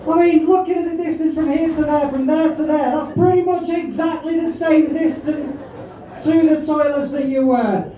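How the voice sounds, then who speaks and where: A man hosting a stand-up show, teasing the audience in a brash, sweary, shouting way during crowd work. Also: very high-pitched, steady tone, moderate pace, muffled recording. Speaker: comedy host and compere. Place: large comedy auditorium with live audience. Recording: echoey hall, distant mic, crowd noise.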